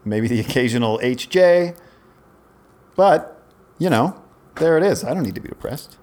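A man's voice: medium pitch, lively intonation, moderate pace, darkish tone. Rambling man telling a long story. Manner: rambling, self-interrupting storyteller. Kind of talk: casual storytelling chat.

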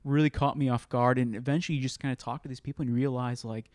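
A man's voice: mid-range voice, quick pace, dry recording. A man telling a work story in a casual podcast chat and acting out the dialogue as he goes. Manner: animated storyteller who acts out quoted dialogue. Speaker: podcast co-host.

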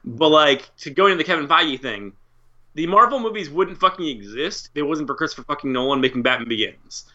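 A man's voice: fairly high pitch, expressive, fairly quick, sharp tone, muffled recording. A man co-hosting a podcast, rambling through opinions in casual chat and swearing freely. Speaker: podcast co-host.

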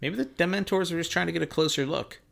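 Brief: easygoing male co-host, casual banter, gravelly fry in the voice. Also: on the high side, quick pace, fairly bright tone. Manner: laid-back, musing, joking. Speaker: podcast co-host. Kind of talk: casual chat.

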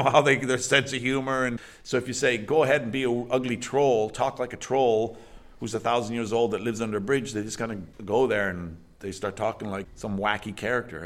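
Acting teacher, low-pitched man, chatty interview. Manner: chatty, restarts often. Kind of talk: documentary interview.

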